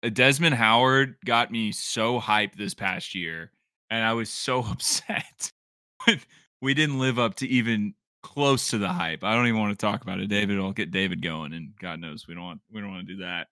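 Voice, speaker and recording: A man co-hosting a casual sports chat, heckling the others, swearing and laughing loudly. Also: on the low side, normal speed, smooth, dry recording, studio quality. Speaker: podcast co-host.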